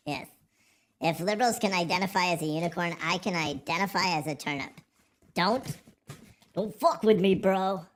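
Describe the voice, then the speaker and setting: A man's voice: a little high, fairly bright tone. A man hosting a casual livestream, joking, rambling and swearing freely as he reads the chat. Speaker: livestream host.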